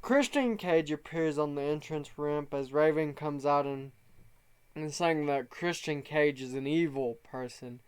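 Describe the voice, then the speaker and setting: A man talks through his wrestling simulation game at an unhurried pace, his voice fairly high for a man and smooth. He reads the characters' promo lines with a bit of extra push and scores each segment as he goes. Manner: reads out promo quotes in a slightly raised voice, rates segments. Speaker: game show narrator. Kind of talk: casual narration of a wrestling sim game.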